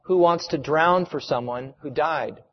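A man preaching a sermon, retelling a story with dramatic, emphatic pauses. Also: on the high side. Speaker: pastor. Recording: reverberant hall, muffled sound.

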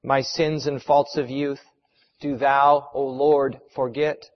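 A man voicing a calm, steadfast young woman martyr who answers softly and quietly, heard in a sermon retelling. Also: medium pitch, takes it slowly, voice pushed down, natural voice. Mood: prayerful. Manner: quiet, soft-spoken replies. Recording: reverberant hall, muffled sound.

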